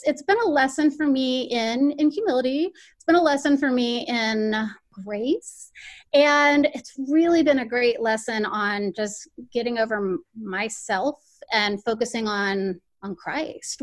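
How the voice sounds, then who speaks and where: A woman who works as a newspaper editor, answering interview questions in an earnest, reflective way and occasionally stumbling over her words. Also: a little high.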